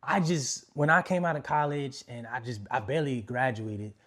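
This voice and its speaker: A young man from New York, a motivational speaker, telling his life story in a casual Q&A with animated, slangy emphasis. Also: mid-range voice, moderate pace.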